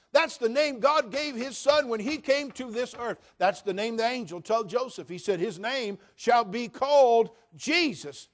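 A male pastor, preaching a sermon that moves between hushed, soft passages and loud, emphatic declarations, slowing down to stress key phrases. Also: high voice.

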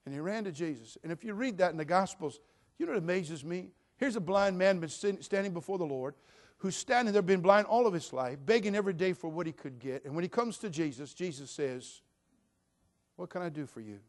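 Preacher with big swings in volume. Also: male voice, sits high, expressive, brisk. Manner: dynamic preaching, swinging from hushed to shouting. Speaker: pastor. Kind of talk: sermon.

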